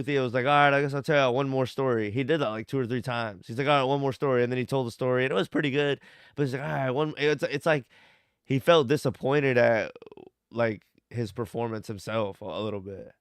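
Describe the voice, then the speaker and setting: A man's voice: mid-range voice, steady tone, brisk, clear, resonant tone, no room sound, clean studio sound. A young man chatting casually on a podcast, laid-back and rambling, swearing and saying "like" a lot. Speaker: podcast co-host. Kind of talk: casual chat.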